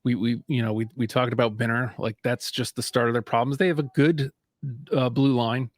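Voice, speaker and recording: A man's voice: mid-range voice, steady tone, brisk, no room sound. Laid-back man with a dry close sound. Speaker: podcast co-host. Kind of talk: casual sports chat.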